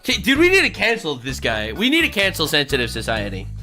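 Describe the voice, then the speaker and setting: A man streaming live, reacting to clips with animated, mock-outraged casual talk. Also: a little high, fast talker, over loud music. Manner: animated, swears, exaggerated outrage.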